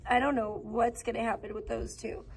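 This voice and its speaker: A woman's voice: a little high, little pitch movement, brisk, gravelly, slightly rough, rough recording. A woman livestreaming outdoors in the sun, rambling and gossiping in a casual, filler-heavy way.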